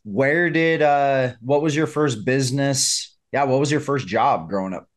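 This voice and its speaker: A man's voice: medium pitch, a little slow. A man hosting a podcast, asking questions in a friendly, chatty way. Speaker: podcast host. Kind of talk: casual interview.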